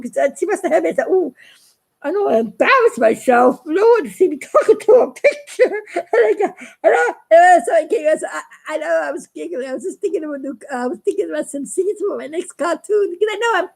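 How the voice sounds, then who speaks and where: A woman's voice: sits high, vocal fry, darkish tone. A middle-aged woman chatting to her viewers in a rambling personal story, giggling often and restarting her sentences. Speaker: vlogger.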